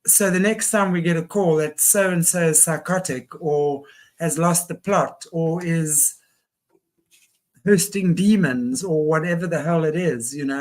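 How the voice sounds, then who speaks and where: A woman hosting an interview, talking through her thoughts in a reflective, measured way. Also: deep voice, a little mellow. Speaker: host. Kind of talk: conversational interview.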